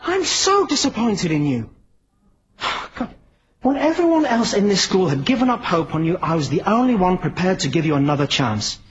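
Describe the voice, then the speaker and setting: A woman's voice: lowish voice, sing-song, normal speed. A prim schoolteacher, flustered and exasperated, his voice rising and falling widely. The clip is dull and lo-fi with faint noise behind. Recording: lo-fi clip with audience laughter.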